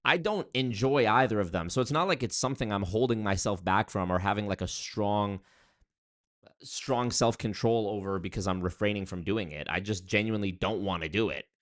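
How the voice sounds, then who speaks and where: A young man with a lowish voice talks casually to his livestream audience. He rambles through viewer comments, restarting sentences and leaning on fillers as he goes. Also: brisk, dry recording, clean studio sound. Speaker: streamer reading chat.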